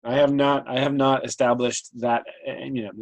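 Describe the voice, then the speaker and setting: A man's voice: medium pitch, flat delivery, moderate pace, rough recording. A man narrating as game master of a tabletop game, hesitant with many fillers.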